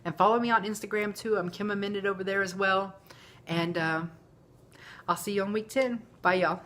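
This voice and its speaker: A woman's voice: mid-range voice, fairly even intonation, normal speed, fairly bright tone. A woman, talking candidly and emotionally in a rambling personal vlog. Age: 40s. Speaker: vlogger. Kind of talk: casual confessional vlog.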